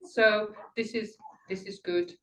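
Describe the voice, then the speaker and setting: An older woman giving an impromptu speech at a club meeting, thoughtful and rambling, pausing to find her words. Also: medium pitch, steady tone, reverberant, rough recording. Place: meeting room.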